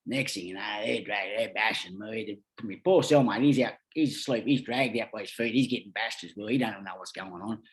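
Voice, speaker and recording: This middle-aged Australian podcast guest has a lowish voice and talks fairly quickly with hardly any pauses. He tells lively, rambling stories in a casual manner, cursing all the time.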